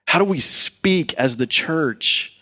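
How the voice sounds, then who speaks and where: A man's voice: fairly high pitch, lively intonation, slow, sharp tone. A middle-aged man preaching a sermon in a folksy manner, with playful asides to the congregation. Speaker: pastor.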